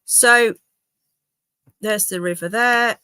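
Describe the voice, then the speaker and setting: A woman's voice: mid-range voice, slow, sharp tone, clear, resonant tone, no echo. A woman hosting a casual live stream from home, chatting to viewers and her dogs. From England. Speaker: livestream host. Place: home, indoors.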